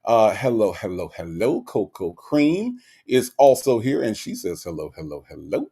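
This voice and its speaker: A man's voice: lowish voice, sing-song, normal speed, warm tone, breathy edge. A man with a Gulf Coast accent hosting a livestream, chatting casually and playfully greeting viewers, often repeating his phrases. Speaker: livestream host.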